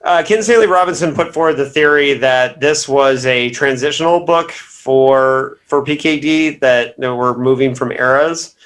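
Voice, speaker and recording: Male podcast co-host, relaxed book chat, hesitant delivery. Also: mid-range voice, normal speed, hardly any pauses. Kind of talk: casual book discussion.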